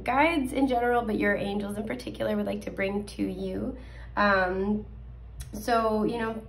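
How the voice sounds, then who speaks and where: Chatty young woman with a scratchy voice. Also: a little high. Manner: chatty, many fillers and little laughs. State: scratchy voice, coughing. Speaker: tarot card reader. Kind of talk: casual pick-a-card reading.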